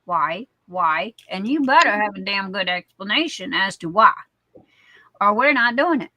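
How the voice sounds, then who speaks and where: A woman's voice: mid-range voice, lively intonation, moderate pace, pushed and bright, dry recording, rough recording. A woman in casual chat telling a personal story, blunt and salty, rambling with many fillers and restarts.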